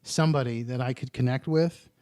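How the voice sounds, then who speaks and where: A man's voice: mid-range voice, a little fast, a little mellow, no room sound. Chatty man guest, dry close sound. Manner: chatty storyteller, joking asides. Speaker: guest, addiction interventionist. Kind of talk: casual podcast interview.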